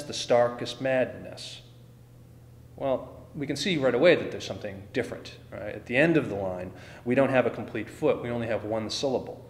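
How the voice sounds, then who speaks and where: A man's voice: medium pitch, slight background noise. A man giving a podcast lecture in a conversational way, often checking in with "right?". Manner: conversational, frequent "right?" tag questions. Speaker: literature lecturer. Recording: echoey room with long reverb.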